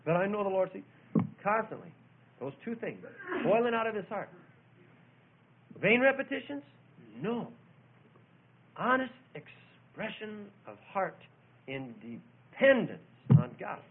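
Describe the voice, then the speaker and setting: A man preaching a sermon, telling a childhood story and then reading scripture with loud emphasis. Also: high voice, sing-song, slow, long pauses, a little hiss or hum. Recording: tinny phone-like old recording.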